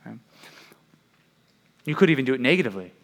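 A man's voice: mid-range voice, sing-song, fast talker, creaky. A man preaching to young people in a conversational way, often asking "right?" and acting out the voices he quotes. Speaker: youth preacher.

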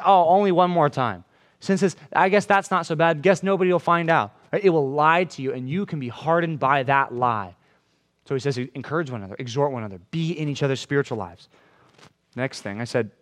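A man preaching a sermon in a room full of people, with a voice that sits a little high for a man. He talks in a casual, conversational way, keeps asking "right?", and acts out quotes in different voices. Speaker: pastor. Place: room with a congregation.

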